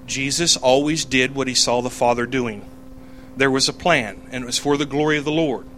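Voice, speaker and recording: A man's voice: mid-range voice, moderate pace, fairly bright tone, a little hiss or hum. A man giving a casual Bible teaching, talking it through conversationally, with fillers and self-corrections as he reads out verses. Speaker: preacher.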